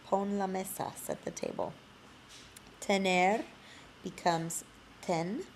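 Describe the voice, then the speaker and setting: A woman teaching a Spanish lesson in a screencast, explaining slowly. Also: mid-range voice, fairly even intonation, slight background noise.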